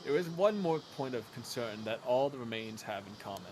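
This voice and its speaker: Man reading as a diligent young assistant, formal and precise, mid pitch, game music behind. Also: animated, brisk, close to an everyday voice. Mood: earnest. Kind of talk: reading game dialogue aloud.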